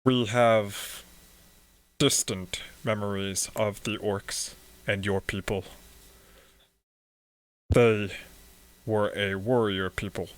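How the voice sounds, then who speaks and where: Guy doing a monotone ant priest, droning and even, lower than usual. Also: low-quality recording. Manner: flat, monotone, halting. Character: monotone giant ant-folk male priest.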